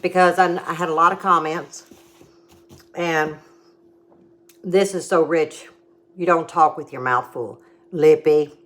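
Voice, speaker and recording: A woman's voice: low-pitched, fairly even intonation, takes it slowly, pauses often, fairly bright tone. A middle-aged woman, hosting a casual home cooking demo with chatty, homey explanations and tasting.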